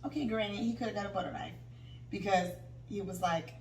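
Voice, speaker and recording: A woman in her thirties co-hosting a podcast, telling a story in casual chat, animated and swearing freely. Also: mid-range voice, a little fast. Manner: animated, swearing, acts out quotes. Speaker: podcast co-host. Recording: echoey room, distant mic, faint noise.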